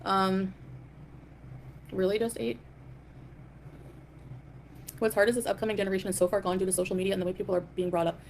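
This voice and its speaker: A woman's voice: mid-range voice, level tone, a little fast, long pauses, slight background noise. A woman hosting a live stream, ranting in a defiant, dismissive way and greeting chat viewers. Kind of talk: casual live stream rant.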